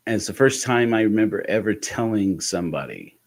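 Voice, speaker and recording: A man telling a reflective personal story in a candid, halting way, with restarts and soft laughs. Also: fairly low pitch, animated. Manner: candid, intimate. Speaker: host of a personal podcast talk.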